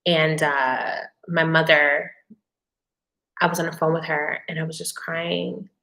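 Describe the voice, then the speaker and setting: A woman's voice: sits low, little pitch movement, measured pace, creaky, sharp tone, roomy sound. A woman hosting a casual live-stream Q&A, answering viewer questions with candid, emotional personal storytelling. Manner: conversational, with frequent fillers and restarts.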